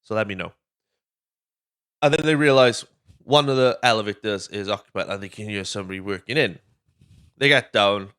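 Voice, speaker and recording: A Welsh podcast host rambles casually through a film recap in a monologue, swearing freely and acting out lines. His voice is on the low side, bright and forceful, with a clean tone.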